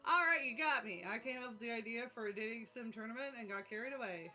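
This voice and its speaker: Playful dramatic woman on a game stream, voice a bit on the high side, music going behind her. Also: fast talker, bright, forceful tone, rough recording. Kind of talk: casual game-stream chat.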